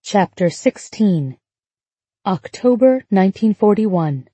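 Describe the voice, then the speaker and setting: A woman reading an audiobook in a measured, even storytelling manner on a close studio mic. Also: medium pitch, slightly rough, no echo. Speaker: audiobook narrator. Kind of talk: scripted narration.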